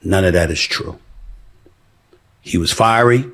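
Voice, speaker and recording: A man with a deep, somewhat husky voice speaks in a clip played into the show. He recounts an incident firmly and emphatically, set on correcting false reports. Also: a little slow, a bit bright.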